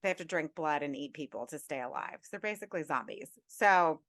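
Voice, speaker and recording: A woman's voice: low-pitched, expressive, fairly quick, a bit bright, no echo. A woman co-hosting a podcast in casual chat, chatty, often restarting her sentences and laughing easily. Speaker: podcast co-host.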